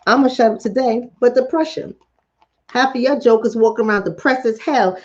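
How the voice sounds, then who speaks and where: A woman's voice: a little high, moderate pace, lo-fi sound. A woman hosting a live stream as a psychologist, talking bluntly and preachily to her chat and hammering points home through repetition. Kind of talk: casual live-stream talk answering chat.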